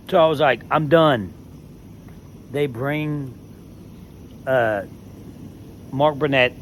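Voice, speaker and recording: A former reality show contestant telling a story in a heated, emphatic way, swearing freely. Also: male voice, mid-range voice, a little hiss or hum. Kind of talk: casual storytelling rant.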